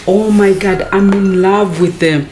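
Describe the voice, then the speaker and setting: An excitable American woman unboxes a gadget for her vlog, talking slowly and drawing out her words, often sinking to a hushed near-whisper. Her voice sits at an ordinary middle pitch. A faint hiss of background noise runs under the recording. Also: echoey room. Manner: excitable, gushing, repeatedly addressing viewers as guys. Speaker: unboxing vlogger.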